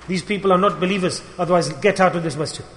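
A man's voice: high-pitched, fast, a bit bright. A man voicing a stern, dismissive mosque committee member, in a sermon story. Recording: echoey hall.

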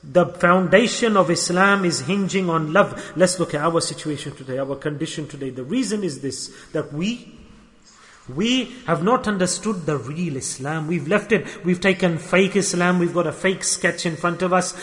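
A man's voice: sits high, normal speed, a bit bright. A man preaching an impassioned sermon, repeating phrases and acting out the voices in his stories. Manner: impassioned, repetitive, acts out quoted voices. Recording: long hall reverb.

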